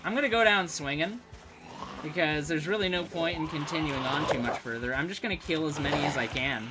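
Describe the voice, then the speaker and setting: A man streaming his gameplay live, excitable and foul-mouthed, shouting and laughing at the game while talking straight to his viewers. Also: fairly high pitch, a little fast, very noisy.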